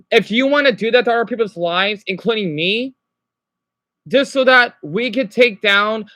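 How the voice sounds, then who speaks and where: A man's voice: high-pitched, bright, forceful tone, dry recording. A young man ranting on a live stream. He rambles, swears often and keeps apologizing. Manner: rambling, profane, quick to apologize.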